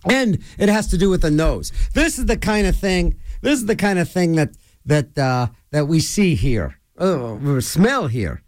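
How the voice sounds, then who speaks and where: A man's voice: fairly high pitch, unhurried. A man hosting a local radio show, talking in a rambling, digressive way. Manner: rambling, digressive, animated storyteller. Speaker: radio host. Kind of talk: rambling casual radio talk.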